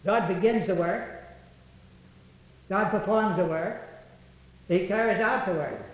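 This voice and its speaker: High-voiced preacher in an echoey hall. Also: male voice, slow pace. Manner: old-fashioned preaching, quoting scripture in King James wording; rises in pitch and volume on quoted verses, hesitant restarts between. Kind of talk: sermon. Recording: echoey hall, dull lo-fi sound.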